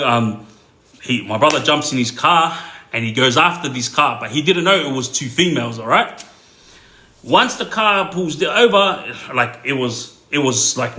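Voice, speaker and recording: Bright-voiced man telling a story. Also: medium pitch, roomy sound. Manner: rambling, many fillers, laughs while telling. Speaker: storyteller, clips page host. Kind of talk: casual storytelling to camera.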